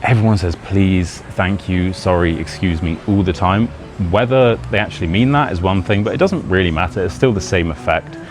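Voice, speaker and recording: A man's voice: low voice, moderate pace, few pauses, music in the background. A British man talking casually to camera in a chatty, rambling way, laughing often as he teaches about his country. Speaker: British English teacher and YouTuber. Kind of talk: casual vlog talk. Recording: outdoor street noise behind.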